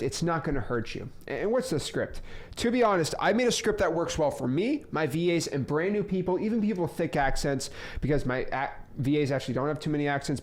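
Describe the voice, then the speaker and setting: A young man teaching a casual course on real estate wholesaling, joking and rambling into asides, with sudden loud bursts. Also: fairly high pitch.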